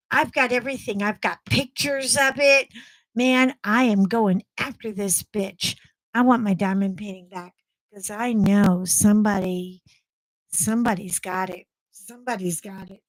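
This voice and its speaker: A woman's voice: on the high side, a bit bright, poor audio. A woman with a Texan accent rambling chattily to her viewers in casual, salty talk. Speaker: vlogger. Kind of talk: casual chat.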